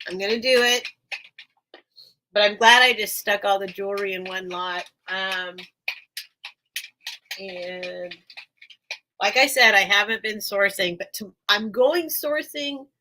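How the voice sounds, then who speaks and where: A woman hosts a relaxed live-stream sale, talking in loose, rambling chat and laughing often. Her voice is bright and clear, and she sounds a little worn from being unwell. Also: mid-range voice, slow, long pauses, slight background noise, low-quality recording. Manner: chatty and rambling, laughs often, repeats herself. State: unwell, recovering from illness. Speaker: online seller hosting a live sale.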